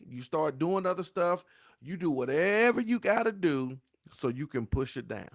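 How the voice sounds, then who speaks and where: A man's voice: a little high, lively intonation, normal speed, no room sound, clean studio sound. A man giving a motivational talk on grief, with a preacher-like cadence, repeating his phrases and calling his listeners "y'all.". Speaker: grief speaker.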